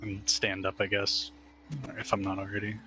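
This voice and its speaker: A man playing a tabletop game, describing his actions in a slow, hesitant way, often laughing. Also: lowish voice, completely flat delivery, background noise. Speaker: player. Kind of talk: casual tabletop play.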